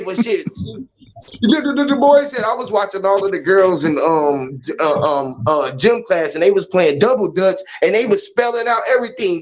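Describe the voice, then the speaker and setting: A man's voice: high voice, animated, normal speed. A man hosting a casual livestream chat, telling profane stories animatedly and laughing often. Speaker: livestream host. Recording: dull lo-fi stream audio.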